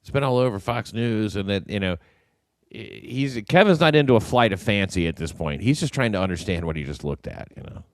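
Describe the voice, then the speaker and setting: Low-voiced man rambling through clip commentary. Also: expressive, a little fast, no room sound, studio quality. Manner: rambling, amused, frequent fillers. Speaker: show host commenting on clips. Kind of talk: casual commentary.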